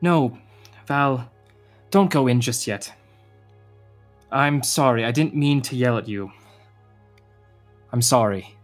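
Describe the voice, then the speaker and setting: A young actor playing a tired, gentle uncle in a radio drama, patient but quick to flare. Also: male voice, mid-range voice, faint music behind, lightly acted. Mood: apologetic. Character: uncle Gio, weary, tender, short-tempered.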